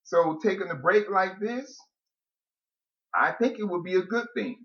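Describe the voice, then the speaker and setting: A man's voice: high-pitched, measured pace. A man co-hosting a casual chat with his wife, laughing often and laying out his points step by step. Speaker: podcast co-host. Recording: dull lo-fi audio.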